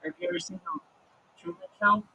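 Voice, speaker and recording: A man's voice: normal speed, narrow, tinny audio, a little hiss or hum. A man talking casually on his livestream, ranting and swearing freely. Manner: profane, ranting.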